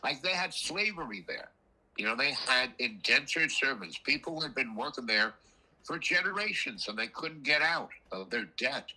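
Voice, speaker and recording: Older male storyteller, casual and rambling, husky and bright tone. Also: mid-range voice, normal speed, rough recording. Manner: rambling, animated, frequent coughs. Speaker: storyteller guest.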